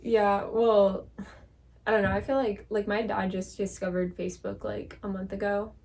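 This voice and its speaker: A young woman co-hosts a podcast, telling stories in casual chat full of fillers and laughter. Her mid-range voice is a little mellow, with vocal fry, little pitch movement, and a moderate pace, recorded on a distant mic with faint noise.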